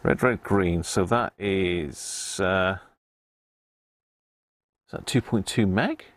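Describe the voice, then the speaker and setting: Low and slow, this middle-aged man from Devon talks in his local accent over a dry recording. Hosting a live stream as he fixes a radio, he mumbles readings and chats easily with the people watching.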